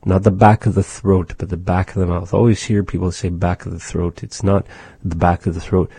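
A man teaching a language lesson, patiently explaining and slowly demonstrating how sounds are made. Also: low-pitched, steady tone, vocal fry, dark tone, husky, no room sound.

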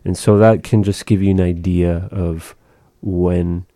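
Slow, deep-voiced man teaching pronunciation. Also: fairly even intonation, mellow, no room sound. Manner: slow, careful, repeats and models pronunciations. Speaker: language teacher. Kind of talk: patient one-on-one language lesson.

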